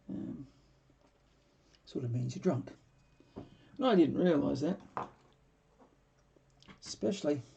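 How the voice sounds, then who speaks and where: A man in his forties hosting a live painting stream, chatting casually and rambling with chuckles, often trailing off into quiet mumbles. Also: on the high side, vocal fry. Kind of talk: casual chat while painting.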